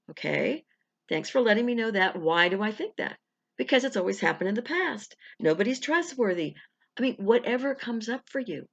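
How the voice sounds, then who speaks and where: Woman affirmation coach, chatty and encouraging, gravelly fry, dull lo-fi sound. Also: on the high side, very animated. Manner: encouraging, conversational, slow deliberate affirmations. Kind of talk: guided affirmation talk. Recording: dull lo-fi recording.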